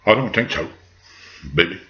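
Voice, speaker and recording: A man voicing a smooth, unbothered male pig who croons and drawls, calling everyone baby. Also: low voice, expressive, moderate pace, sharp tone, dull audio, voice pushed down. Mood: smooth, teasing.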